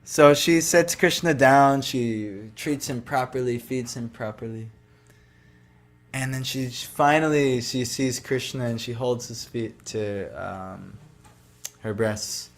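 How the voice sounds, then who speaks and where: Male devotional speaker, casual storyteller, mid-pitched, chatty and loose, heavy on filler words. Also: slow pace. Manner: loose, conversational, lots of "like" and "you know".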